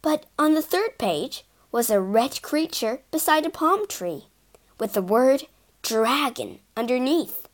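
A woman narrating a children's storybook in an expressive, sing-song read-aloud manner. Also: high voice, slow.

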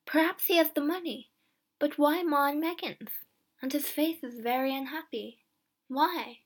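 Woman reading as an anxious old wife, excitable, high voice, exclaiming, storybook reading. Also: unhurried. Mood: nervous.

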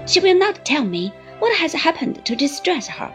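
A woman voicing a grave young man who speaks quietly and earnestly. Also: high-pitched, very animated, moderate pace, soft background music, voice pushed up. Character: grave young male narrator-hero.

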